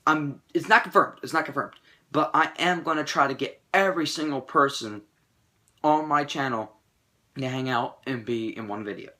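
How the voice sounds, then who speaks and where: A young man giving a casual, rambling movie review on his channel, with profane, excitable rants. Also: mid-range voice.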